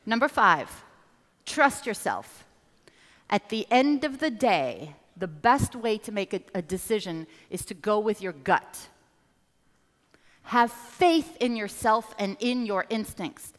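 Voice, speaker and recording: A woman coach speaks to a live audience in a bright, crisp voice, animated and direct. She keeps prompting the room to answer and repeat after her. Her voice rings with a long reverb from a large event hall. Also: mid-range voice, slow. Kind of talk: motivational seminar talk.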